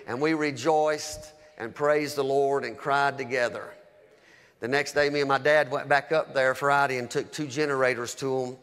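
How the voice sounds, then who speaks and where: A man's voice: medium pitch, steady tone, moderate pace, fairly bright tone, clean tone, long reverb tail. A man preaching, telling a heartfelt story as testimony, with a fervent, emotional delivery. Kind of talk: sermon testimony.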